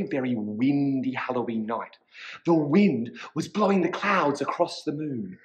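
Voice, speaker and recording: A man, a teacher reading a children's story aloud in an animated, expressive way. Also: medium pitch, rough recording.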